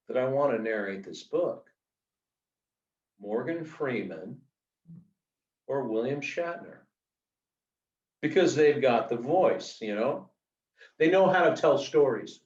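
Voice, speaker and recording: A middle-aged man telling anecdotes in a casual, animated way, full of fillers, as an author being interviewed. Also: mid-range voice, slow pace, pauses often. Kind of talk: casual storytelling. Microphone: video call. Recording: roomy, distant, dull video call audio.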